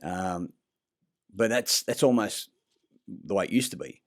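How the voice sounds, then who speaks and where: A man's voice: low-pitched, expressive, a little slow. A man talking in a rambling vlog monologue, blunt and profane, full of fillers and restarts. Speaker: vlogger. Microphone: self-recorded clip.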